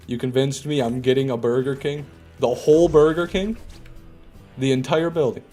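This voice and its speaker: A man's voice: mid-range voice, moderate pace, soft background music. A man casually chatting and joking with his chat while he streams a game. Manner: relaxed, joking, repeats himself. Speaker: gaming streamer. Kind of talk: casual live commentary reading chat.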